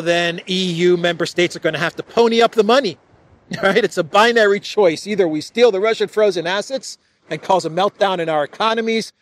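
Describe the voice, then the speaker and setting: A man giving solo political commentary in a sarcastic, mocking tone, often chuckling between points. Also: a little high.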